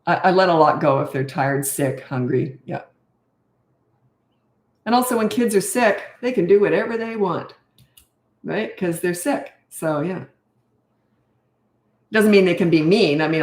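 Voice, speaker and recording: A woman's voice: low voice, normal speed, pauses often, roomy sound. An older woman and parenting coach answering viewer questions in a frank, blunt, self-mocking way.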